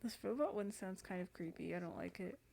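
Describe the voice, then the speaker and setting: A woman's voice: medium pitch, lively intonation, brisk, creaky, a little mellow, soft background music. Chatty young woman commentating gameplay. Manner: chatty and rambling, with many fillers and restarts. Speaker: gaming channel host.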